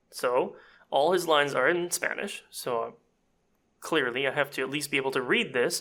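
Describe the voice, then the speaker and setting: A man giving a chatty, self-deprecating audio editing tutorial, explaining step by step as he clicks through software. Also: fairly high pitch. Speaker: voice actor and casting director.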